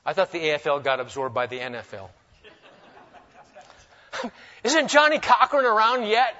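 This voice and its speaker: A man's voice: sits high, moderate pace, pauses often. Guy preaching a sermon, jokey asides, dull lo-fi recording. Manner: animated, swings between loud emphasis and hushed asides; humorous storytelling asides. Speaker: pastor.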